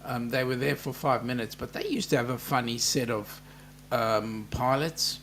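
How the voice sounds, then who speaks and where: A man's voice: medium pitch, moderate pace, fairly bright tone, a little hiss or hum. A man with an Australian accent hosting a casual live stream, reading out viewer comments and chatting back with plenty of "mate" and "um". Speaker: livestream host reading chat. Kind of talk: casual livestream chat.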